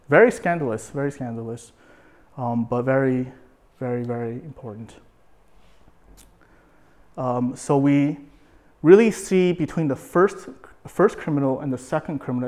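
A man's voice: mid-range voice, a little mellow. Man preaching an explanatory sermon. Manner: explanatory, with frequent fillers and repetitions.

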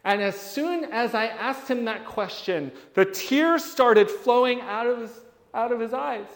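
A man giving a storytelling talk to a live audience, animated and acting out the people he describes. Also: extremely high pitch, a little slow, few pauses. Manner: animated, acts out the people in his stories. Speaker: speaker addressing an audience. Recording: long reverb of a hall.

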